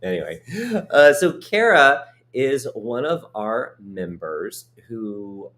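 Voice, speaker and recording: A man's voice: lowish voice, very animated, slow pace, fairly bright tone. A middle-aged man hosting a casual livestream chat from a hotel suite, rambling and joking at his own expense. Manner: chatty, rambling, self-joking. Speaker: host.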